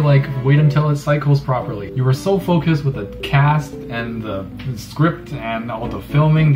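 A man's voice: mid-range voice, lo-fi sound. A young man hosting a casual fishkeeping vlog, giving joking, sarcastic commentary as he critiques fish tanks.

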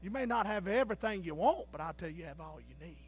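A man preaching a Baptist sermon from the pulpit with a strikingly high voice. He tells his stories by acting out the people in them and bursts into shouted, jubilant praise. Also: lively intonation, quick pace. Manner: acts out the characters in his stories. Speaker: pastor. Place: church sanctuary.

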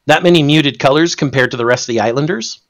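A man in casual discussion, animated and profane, often restarting his sentences. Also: on the high side, fast talker. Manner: animated, swears freely, stumbles and restarts.

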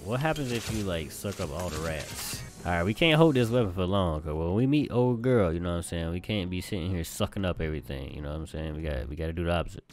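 A young man giving casual let's-play commentary, bantering loudly with slang and swearing as he plays. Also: low-pitched, lively intonation, fast talker, few pauses. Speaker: gamer commentator. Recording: game music behind.

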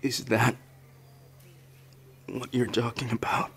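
A man voicing a shy, anxious young man in a whispered role-play, speaking softly and hesitantly. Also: mid-range voice, little pitch movement, takes it slowly, vocal fry, husky, full character voice. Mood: tender, insecure. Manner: soft, hesitant, flustered stammering. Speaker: ASMR roleplayer.

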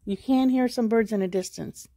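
A woman vlogger walks around outside her house, rambling and musing to her camera in easy conversation. Her fairly high voice is mellow and evenly paced, captured with studio quality and no echo.

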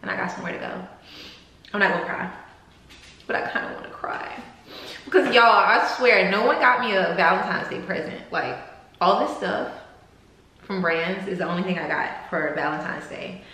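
A woman's voice: mid-range voice, normal speed, sharp tone. A young woman vlogger chatting casually and gushingly to camera while unboxing gifts, saying "like" and "y'all" a lot. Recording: echoey room with faint noise.

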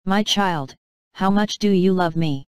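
A woman voicing a loving fatherly king who speaks solemnly and gently in a storybook reading. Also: on the low side, measured pace, clear, resonant tone, dry recording, natural voice. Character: loving fatherly old male king, grave and tender.

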